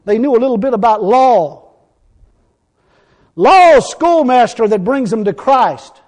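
Male preacher, high-pitched, fiery and plainspoken delivery. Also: unhurried. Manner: folksy, blunt, excitable with bursts of shouting. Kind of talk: fiery sermon.

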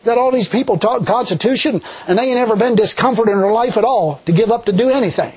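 A middle-aged man preaching a sermon in a folksy, animated way, laughing often. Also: high voice, fast, husky, low-quality recording.

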